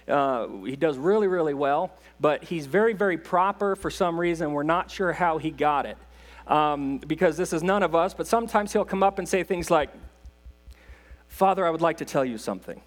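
Guy in his 40s preaching at a church, joking about himself, voice a bit high. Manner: folksy, self-deprecating humor, halting restarts. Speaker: guest preacher, missionary. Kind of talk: sermon, casual storytelling. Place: church sanctuary.

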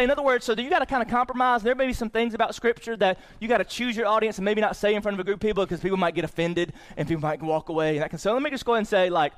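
A male pastor giving a lively sermon with a high-pitched voice. He moves from quiet, conversational stretches into loud, excited bursts, often restarting phrases and repeating words. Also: very fast, hardly any pauses.

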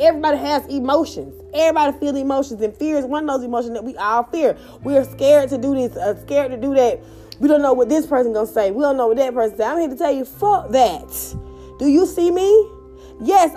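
A woman podcast host giving a motivational monologue, emphatic and blunt, swearing freely and repeating her points. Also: high-pitched.

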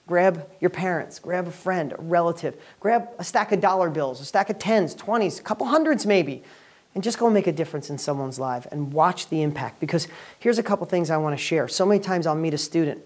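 A man hosting a weekly video and speaking to camera as a real estate educator, giving an energetic, upbeat motivational talk. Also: sits high.

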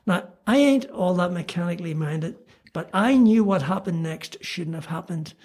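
A man's voice: high voice, normal speed. Older Belfast man telling funny stories. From Northern Ireland. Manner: animated, self-mocking anecdotes with many fillers. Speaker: guest storyteller. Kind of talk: casual storytelling.

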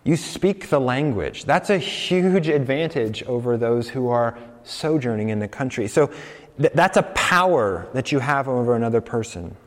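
A man from the United States preaching a sermon in a conversational, animated way. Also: mid-range voice, normal speed, long reverb tail. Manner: conversational and animated, acting out quoted voices. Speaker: pastor.

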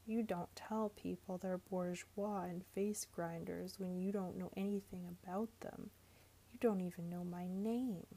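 A woman reading aloud and voicing a proud young woman who answers back sharply and indignantly, in her husky, gravelly voice. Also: on the low side, steady tone, a little slow, dark tone.

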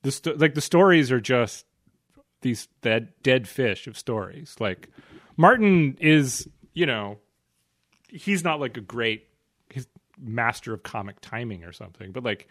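A man's voice: medium pitch, expressive, a little slow, fairly bright tone, no echo. Dry-voiced man in casual chat. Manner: wry, rambling, breaks off mid-sentence. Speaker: podcast co-host.

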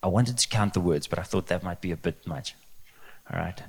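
A man's voice: low voice, a little fast, vocal fry, husky. A male pastor preaching a conversational sermon, asking rhetorical questions. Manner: lively, conversational, asks the crowd rhetorical questions.

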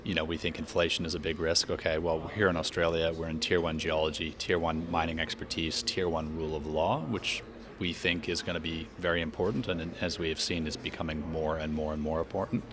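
Low monotone man, American-raised, measured and explanatory, chatter of a crowd behind. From United States. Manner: measured, explanatory, frequent fillers. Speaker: mining company executive guest. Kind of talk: podcast interview. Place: Australia.

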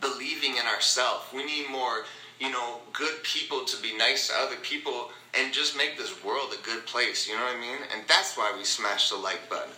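A man's voice: mid-range voice, normal speed, pushed and bright, echoey room, low-quality recording. A man hosting a motivational podcast, talking in an upbeat, rambling way and repeating his phrases. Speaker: podcast host. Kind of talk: casual motivational talk.

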